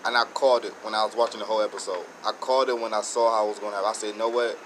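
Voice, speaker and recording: A man with a fairly low voice talks through a show episode in a loose, excitable way, restarting sentences as his thoughts run ahead. A steady hum of air conditioning and background noise sits under his voice. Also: rapid-fire, rough recording. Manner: rambling, excited, many restarts. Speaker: show host reviewing episodes. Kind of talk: casual solo review.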